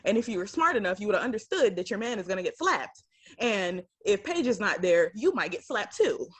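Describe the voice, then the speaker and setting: A woman's voice: medium pitch, very animated, a little fast, fairly bright tone, breathy edge. A woman co-hosting a reaction show, chatting casually and giving outspoken, slang-heavy opinions. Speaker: co-host of a reality TV reaction show. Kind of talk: casual chat reacting to a TV episode.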